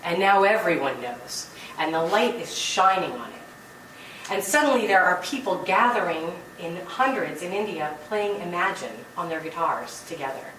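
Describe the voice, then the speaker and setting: A woman's voice: lowish voice, expressive, moderate pace, a bit bright, a little hiss or hum. Earnest woman speaking in a roomy hall. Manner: earnest and storytelling, with light laughs. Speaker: spiritual speaker. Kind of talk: inspirational talk to a gathering. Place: meeting room. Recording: roomy hall, distant mic, faint ambience.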